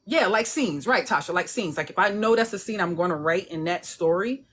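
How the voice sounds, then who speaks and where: Animated woman telling writing stories. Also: fairly low pitch, a little fast. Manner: animated, acts out voices with swearing and laughter. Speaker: indie author, guest. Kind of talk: casual chat.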